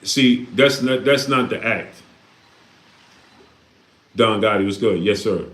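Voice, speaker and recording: Man hosting a livestream, low voice, preachy and repetitive, echoey room. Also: takes it slowly, a bit bright. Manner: preachy, repeats himself, rhetorical questions. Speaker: live stream host reading Super Chats. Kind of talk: casual livestream talk.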